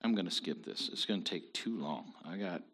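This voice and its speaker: A man's voice: low voice, fairly quick, a bit bright, husky. A man hosting a show, giving opinionated commentary in an emphatic, preachy way. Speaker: show host.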